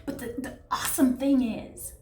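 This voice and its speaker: At a normal speed and with fairly even intonation, a woman with a high voice chats her way through a casual tarot reading, fond and talkative but often reaching for words. Echo, a slightly distant mic, and soft background music color the recording.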